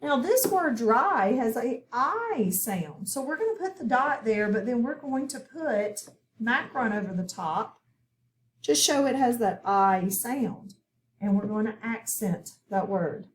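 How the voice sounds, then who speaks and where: A woman teaching a phonics lesson, talking slowly and clearly as she spells out sounds. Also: a little high, very animated. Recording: echoey room.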